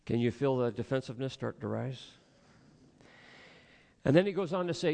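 A man's voice: medium pitch, lively intonation, moderate pace, creaky, long pauses, dark tone. Man preaching in a reverberant church. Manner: earnest, rhetorical, acts out voices of listeners. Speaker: pastor. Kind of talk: sermon. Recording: long hall reverb.

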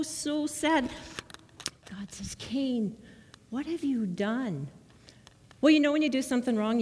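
A woman giving a children's sermon in a church, speaking in a lively, coaxing way and asking the children questions. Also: on the high side, long reverb tail. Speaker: children's message leader. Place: church sanctuary.

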